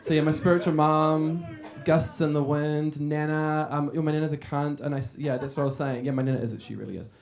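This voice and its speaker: A man's voice: fairly high pitch, steady tone, brisk, gravelly, few pauses, a little mellow, soft background music. A man doing a stand-up set in a club, brash and crowd-teasing, swearing freely and laughing. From Australia. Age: 30s. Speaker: stand-up comedian. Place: comedy club stage.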